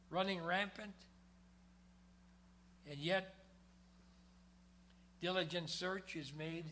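A male preacher with a high, bright, forceful voice. He delivers a sermon with dramatic swings from loud, pressing emphasis down to hushed low tones. He slows down whenever he reads scripture aloud. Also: slight background noise.

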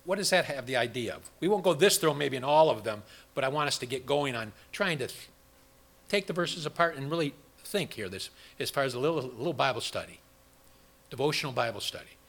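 Gravelly, bright-toned man preaching a Bible study. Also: mid-range voice, lively intonation, fairly quick. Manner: rambling, restarts, quizzes the congregation. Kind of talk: interactive Bible study sermon.

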